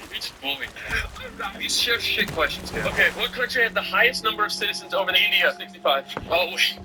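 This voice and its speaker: A man's voice: high-pitched, far from the mic, poor audio. A man bantering playfully through a street quiz. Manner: joking, playful.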